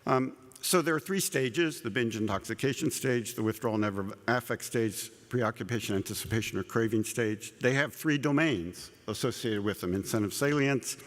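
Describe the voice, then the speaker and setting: A man's voice: mid-range voice, normal speed, hardly any pauses, fairly bright tone. Man lecturing in an echoing hall. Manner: conversational, repeats words, asides with humor. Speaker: conference speaker. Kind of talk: plenary scientific lecture. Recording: long echo of a large hall.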